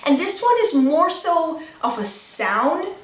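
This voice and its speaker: A young woman from Jamaica hosting a casual explainer video, teaching vocabulary in a lively way and acting out example dialogues. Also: very high voice, takes it slowly. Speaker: language teacher, video host. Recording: roomy, mic at a distance.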